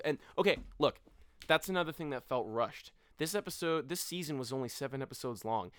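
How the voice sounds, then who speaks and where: A man's voice: medium pitch, animated, brisk, a bit bright, smooth. A young man co-hosting a podcast, talking casually and profanely, often quoting characters in mocking voices. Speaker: podcast co-host. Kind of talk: casual chat.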